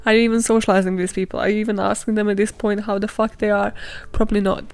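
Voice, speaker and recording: A woman's voice: mid-range voice, flat delivery, very fast, a little mellow, no room sound. A young woman hosting a podcast, ranting bluntly and casually with lots of swearing. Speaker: podcast host. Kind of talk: casual monologue outro.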